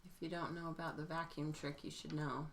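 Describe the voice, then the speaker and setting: Brief: female co-host, low and gravelly, giggly, reads the chat aloud. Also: flat delivery, a little fast, a little hiss or hum, poor audio. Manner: giggly, reading out comments. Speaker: co-host reading viewer comments. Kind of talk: casual livestream chat.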